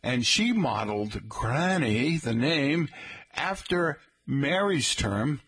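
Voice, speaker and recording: A man's voice: medium pitch, expressive, takes it slowly, a bit bright, slightly rough. A middle-aged man hosting a radio show, rambling in a folksy way and often calling his listeners folks. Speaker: radio host. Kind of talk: casual radio talk.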